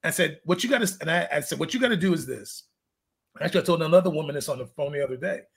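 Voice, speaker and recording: High, husky-voiced male fitness coach. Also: lively intonation, very fast. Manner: candid, rambling storyteller who laughs at his own jokes. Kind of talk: casual interview chat.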